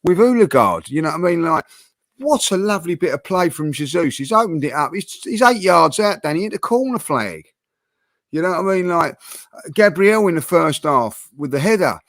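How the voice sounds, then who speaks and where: A football fan channel host, fairly high-pitched and at a moderate pace, debates casually with co-hosts. He gets passionate and animated, his speech full of fillers and false starts. The sound is dry.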